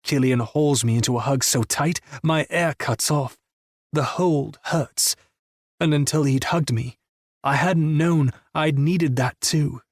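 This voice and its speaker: Husky male audiobook narrator. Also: on the high side, slow, dry recording, studio quality. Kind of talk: first-person romance audiobook narration.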